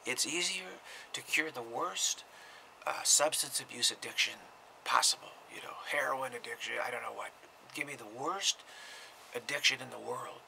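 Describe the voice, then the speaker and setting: A man, a spiritual teacher, giving an informal talk to viewers, often dropping into a breathy whisper and repeating words as he goes. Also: mid-range voice, normal speed, pushed and bright, a little hiss or hum, poor audio.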